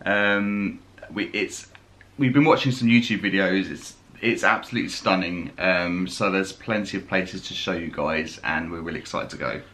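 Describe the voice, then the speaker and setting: A man from the UK co-hosting a travel vlog in casual chat, easygoing and quick to chime in. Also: sits low, sharp tone. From United Kingdom. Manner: easygoing, agreeable, interjects often. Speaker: travel vlogger.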